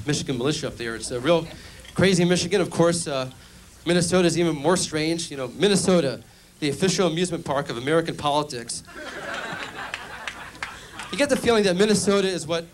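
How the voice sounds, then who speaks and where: Man on a club stage doing stand-up, slightly high-pitched, dry deadpan timing; live room noise underneath. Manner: deadpan joke delivery with mock phone-call bits. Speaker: stand-up comedian. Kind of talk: stand-up comedy routine.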